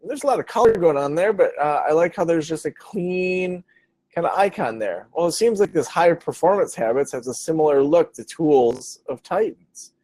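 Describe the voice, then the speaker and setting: A webinar host with a slightly high, expressive and somewhat mellow voice speaks at a moderate pace on a dry recording, picked up by a computer mic over a web stream. Hosting live, he talks casually with lots of fillers and answers viewer questions.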